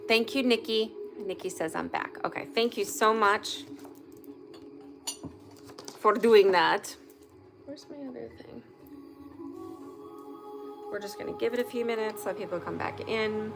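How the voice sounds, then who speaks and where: A woman's voice: medium pitch, measured pace, vocal fry, long pauses, over music. A woman hosting a casual live online session from home, chatty and candid, swearing freely when something annoys her. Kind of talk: casual live-stream chat. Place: at home indoors by a fireplace.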